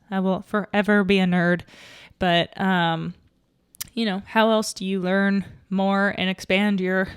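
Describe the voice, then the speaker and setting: A woman's voice: mid-range voice, clear, resonant tone, dry recording, studio quality. A young woman hosting a solo podcast, chatting and thinking aloud with fillers and restarts, slightly out of breath. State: a little out of breath. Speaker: podcast host. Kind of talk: casual solo podcast talk.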